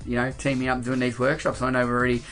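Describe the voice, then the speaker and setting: A man's voice: medium pitch, completely flat delivery, racing, a bit bright, faint music behind. A man with a quite Australian accent, a podcast guest chatting casually and rambling with lots of fillers and "mate". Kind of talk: casual interview chat. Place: indoors after a workshop, late at night.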